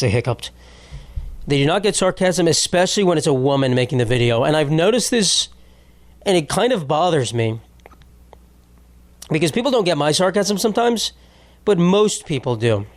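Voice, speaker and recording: A man's voice: on the high side, big pitch swings, a little fast, pauses often. A young man hosting a solo comedy podcast, rambling and sarcastic, swearing freely as he riffs. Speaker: podcast host.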